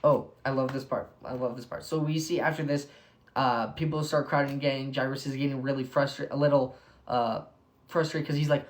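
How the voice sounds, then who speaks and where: An enthusiastic young man talks through a Bible passage in a casual devotional, with a mid-range voice. He fills his talk with "like" and keeps getting carried away with excitement. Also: mid-range voice, a little fast. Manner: excitable, heavy use of "like", bursts of enthusiasm. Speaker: devotional speaker.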